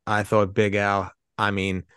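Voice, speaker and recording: Very deep voiced guy rambling on a movie podcast, cusses a lot, dry close sound. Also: completely flat delivery, a little slow, fairly bright tone, smooth, no room sound. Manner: rambling, swears freely. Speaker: podcast co-host. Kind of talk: casual movie chat.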